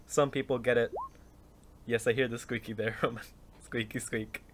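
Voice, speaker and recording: A man's voice: medium pitch, steady tone, a little fast, noisy background. A man serving as dungeon master, running a tabletop game in a casual, joking way and making rulings on the fly.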